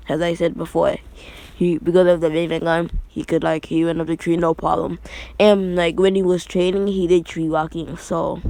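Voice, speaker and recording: A man's voice: on the high side, vocal fry, a little mellow. A young man casually retelling an anime fan story, rambling with many fillers and restarts.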